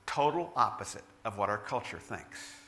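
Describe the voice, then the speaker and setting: A man's voice: on the low side, big pitch swings, normal speed, sharp tone, a little hiss or hum. A middle-aged man preaching a sermon, telling stories with self-deprecating humor. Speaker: pastor.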